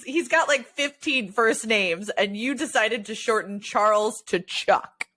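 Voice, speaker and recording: A woman co-hosting a casual sports podcast, animated and often breaking into laughter. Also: fairly high pitch, a little slow, hardly any pauses. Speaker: podcast co-host. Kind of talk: casual chat.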